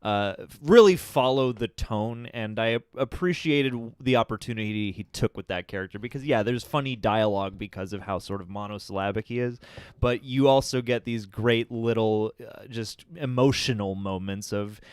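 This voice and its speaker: A man's voice: lowish voice, moderate pace, smooth, dry recording, studio quality. A man co-hosting a casual spoiler review, giving thoughtful, rambling analysis full of filler phrases. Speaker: film review show co-host.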